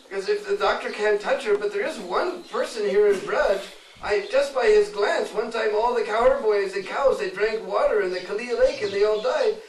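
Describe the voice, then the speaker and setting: A woman's voice: mid-range voice, slight background noise, voice pushed up, lightly acted. A man voicing an eager young village girl who earnestly suggests a remedy, heard in an echoey, distant recording.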